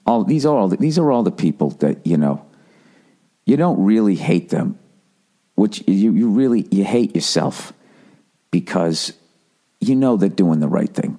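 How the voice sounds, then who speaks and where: A man's voice: low voice, dark tone. A middle-aged American man with an American accent, ranting in a profane, rambling, self-mocking comedic monologue as a podcast host.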